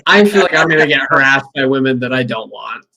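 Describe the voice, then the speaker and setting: A man's voice: mid-range voice, expressive, fast, gravelly, sharp tone. A young man co-hosting a podcast, chatting casually and acting out crude quotes in jumping voices. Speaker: podcast co-host. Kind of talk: casual comedic chat.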